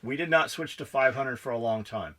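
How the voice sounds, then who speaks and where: A man co-hosting a loose podcast, his voice bright and tense. He swears freely and jokes while reading out listener comments. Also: mid-range voice, fairly quick. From Pennsylvania. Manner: profane, joking, reads listener comments. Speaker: podcast co-host. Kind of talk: casual chat.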